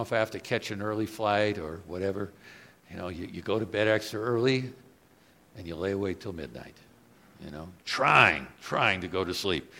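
A man preaching a sermon, moving between quiet reflective lines and loud, emphatic questions put to the congregation. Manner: swings from soft low asides to loud emphatic rises; asks the audience questions.

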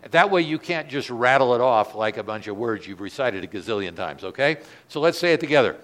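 A male pastor preaching a sermon in a church, dropping his voice soft and then swelling loud for emphasis. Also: mid-range voice, animated, fairly quick, few pauses.

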